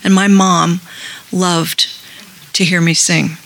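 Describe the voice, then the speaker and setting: A woman's voice: fairly low pitch, flat delivery, takes it slowly, a bit bright, poor audio. A middle-aged woman sharing a heartfelt personal story at a support meeting, acting out the voices she quotes. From Colorado. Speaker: group member sharing.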